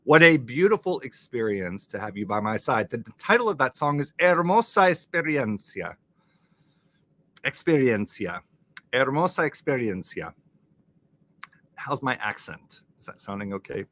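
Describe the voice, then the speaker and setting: Lively, bright-voiced man hosting a stream. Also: medium pitch, a little fast, few pauses. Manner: animated, laughs often, jokey asides. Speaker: live-stream crossword host. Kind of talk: casual live-stream chat, reading chat comments.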